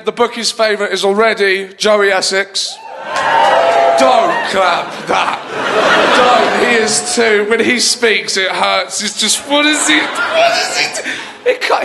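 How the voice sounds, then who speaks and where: Brief: male stand-up comic, very expressive and bouncy in pitch, rambling and mocking. Audience noise throughout. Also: gravelly. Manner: animated, rambling, mocking delivery. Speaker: stand-up comedian. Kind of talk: stand-up comedy. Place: studio comedy stage before a live audience. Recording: live audience laughter and room noise.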